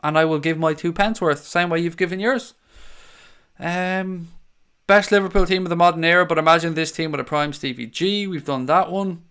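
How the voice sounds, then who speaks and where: A man's voice: fairly high pitch, normal speed, a bit bright, smooth. A young man hosting a fan stream, reading the live chat aloud and answering viewers in a chatty, sweary way. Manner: chatty, swears freely, calls viewers mate.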